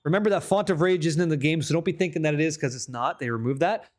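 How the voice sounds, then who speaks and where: A young man streaming a game, chatting casually with viewers, reading patch notes aloud and swearing freely when excited. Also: a little high, fast talker. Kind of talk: casual live-stream chat.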